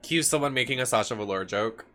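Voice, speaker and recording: A man's voice: mid-range voice, quick pace, bright, forceful tone. A man streaming a video game, chatting with campy, dramatic outbursts and frequent laughter. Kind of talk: livestream gameplay commentary.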